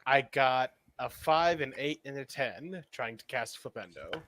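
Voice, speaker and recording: A man's voice: mid-range voice, animated, a little slow, fairly bright tone. A man playing in a tabletop game, wry and self-mocking about his bad rolls. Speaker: player. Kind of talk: casual tabletop play.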